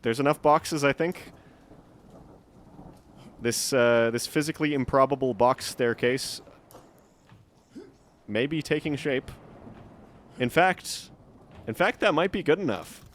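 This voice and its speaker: A man's voice: medium pitch, slow pace, long pauses, a bit bright, a little hiss or hum. Man muttering through live gameplay. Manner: chatty, muttering to himself, frequent swearing. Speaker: streamer.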